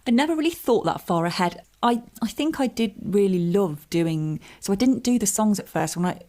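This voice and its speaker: A woman's voice: mid-range voice, expressive, normal speed, warm tone. A woman, a comedian and writer chatting as a podcast guest, telling stories in a self-deprecating way with laughs. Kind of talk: relaxed interview chat.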